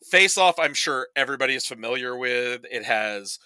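A man speaking as a podcast guest in casual chat, telling animated, profane stories. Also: medium pitch, normal speed, clean tone, no echo.

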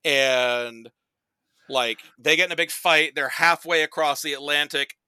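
A man chatting casually on a podcast as a guest, animated and rambling, packing his talk with "like" and quick put-on voices for the people he quotes. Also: fairly high pitch, smooth, dry recording. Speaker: podcast guest presenting a movie bracket.

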